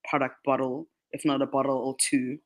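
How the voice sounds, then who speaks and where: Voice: mid-range voice, little pitch movement, normal speed. A radio guest explaining skincare in a chatty way, with many "like" fillers and frequent laughs. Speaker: guest, skincare brand marketing manager. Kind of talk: radio interview answers. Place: radio studio.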